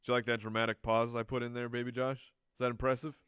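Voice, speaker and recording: A man's voice: medium pitch, flat delivery, fast, fairly bright tone, clear, resonant tone, no room sound. Playful chatty man, dry sound. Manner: playful, chatty, jokes with the crew, laughs often. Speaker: fantasy football analyst answering viewer questions. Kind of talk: casual live Q&A.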